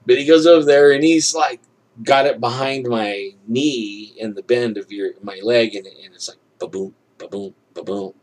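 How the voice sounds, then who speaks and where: A man recounts a personal story in a loose, casual way, leaning on "you know" and "like" as he talks. He acts out the quoted lines with some energy and lets small chuckles slip in. His voice sits in an ordinary middle pitch. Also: moderate pace. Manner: animated, acts out quoted dialogue; chuckles while telling.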